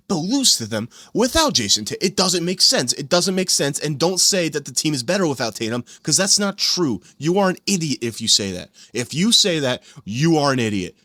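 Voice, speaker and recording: A man's voice: a little high, bright, forceful tone, no room sound. Exasperated young man ranting, dry sound. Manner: exasperated, emphatic, repeats himself. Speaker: sports commentator. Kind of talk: ranting fan commentary. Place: at his computer at home.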